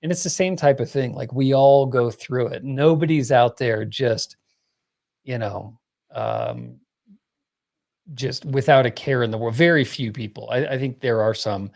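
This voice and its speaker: Male guest, middle-aged, gravelly fry in the voice, loose conversational delivery. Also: mid-range voice, a little slow. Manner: relaxed, rambling, filler-heavy talk. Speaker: podcast guest. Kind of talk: casual podcast conversation.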